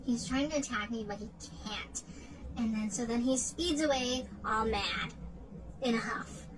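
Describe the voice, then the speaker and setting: A woman's voice: on the high side, a little slow, poor audio. A woman casually retelling a dream in a rambling way, full of "like" fillers and restarts. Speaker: storyteller.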